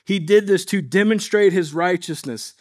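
A high-voiced man preaches in an earnest, measured way. He works through his points as a pastor, pausing on rhetorical questions to draw his listeners along. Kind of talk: sermon.

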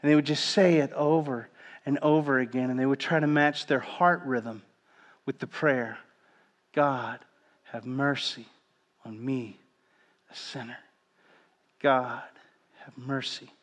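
A man preaching a sermon as pastor, reading scripture and leading his congregation in repeated prayer. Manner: leads the congregation in repeated prayer, drops to a hushed low voice.

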